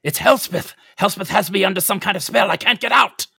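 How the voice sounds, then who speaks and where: A man voicing a spellbound male adventurer, pleading in a high, strained voice. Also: brisk, creaky, bright, forceful tone, husky, dry recording, clean studio sound, exaggerated voice. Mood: panicked.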